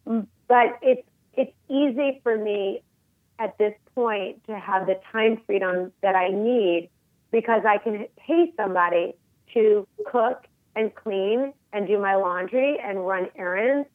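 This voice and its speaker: A woman in her forties, a guest on a phone interview, talking in an emphatic, animated way. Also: medium pitch, takes it slowly, dry recording. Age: 40s. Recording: tinny phone line, dry.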